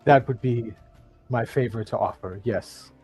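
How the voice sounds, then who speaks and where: A man's voice: medium pitch, unhurried, darkish tone, slightly rough, soft background music. A man doing an earnest sing-song bard. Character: earnest bard player character, male.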